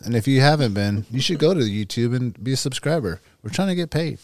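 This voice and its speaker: A man's voice: medium pitch, expressive, fast talker, no echo. A man co-hosting a podcast, talking in a casual, easygoing way. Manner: easygoing, says "dude" and "man" a lot. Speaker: podcast co-host and teacher. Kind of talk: casual chat.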